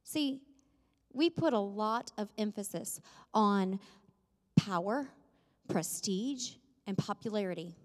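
A woman's voice: mid-range voice, takes it slowly, long pauses, darkish tone. A woman preaching a sermon in a church, conversational and self-deprecating with light humor. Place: church sanctuary. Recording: long reverb of a church hall.

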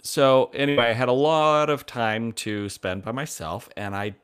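A man's voice: medium pitch, steady tone, fairly bright tone, clean tone. A young man co-hosting a podcast, upbeat and joking in a casual chat. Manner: upbeat, joking, quick asides. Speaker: podcast co-host.

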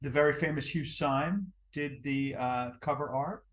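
A man with a New Jersey accent co-hosting a music podcast, calmly reciting album facts in a casual chat with halting fillers. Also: mid-range voice. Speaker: podcast co-host.

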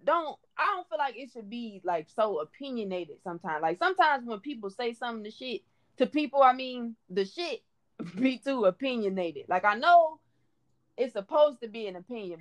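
Animated, cursing woman podcast host. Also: on the high side, moderate pace. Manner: profane, animated, indignant. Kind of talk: casual podcast rant.

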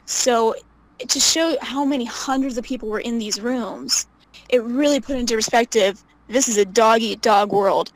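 A young woman telling stories casually as an interview guest, animated, laughing often and acting out what people said. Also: a little high, moderate pace, dry recording, poor audio. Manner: animated, laughs often, acts out quoted voices. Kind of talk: casual storytelling.

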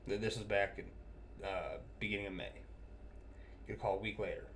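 A man's voice: on the low side, a little mellow, a little hiss or hum. A man casually telling an anecdote about a customer call from his job as a technician. He swears constantly, sounds exasperated and laughs easily. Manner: profane, exasperated, quick to laugh. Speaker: cable technician telling a work story.

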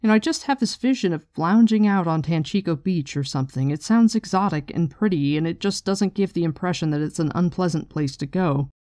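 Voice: medium pitch, brisk, hardly any pauses, a little mellow, no room sound, clean studio sound. A podcast host in a casual book discussion, chatty and irreverent, swearing casually.

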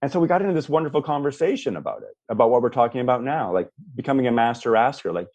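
Male podcast guest for a storytelling read, lively, voices quoted people, slightly muffled lo-fi audio. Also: mid-range voice, racing, dry recording. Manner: animated storyteller, acts out voices, frequent restarts. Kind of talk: storytelling in a casual interview. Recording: dull lo-fi dry sound.

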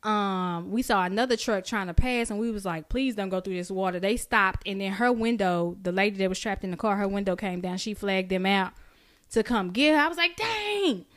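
She's a co-host on a podcast, recounting a story at a fairly quick clip in loose, foul-mouthed, lively conversation. Acting out her own responses sends her pitch jumping way up.

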